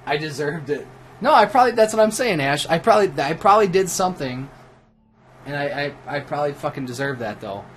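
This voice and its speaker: A man's voice: a little high, animated, a little fast, soft background music. Drunk, foul-mouthed man telling a story. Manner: profane, rambling, with restarts and laughs. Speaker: livestream host. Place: at home while gaming.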